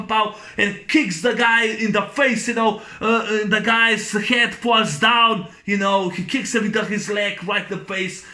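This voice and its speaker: A man recapping an action movie in a casual, excited way, making gunshot sounds with his voice and talking haltingly with many fillers. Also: high voice. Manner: halting, full of fillers and restarts. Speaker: movie reviewer.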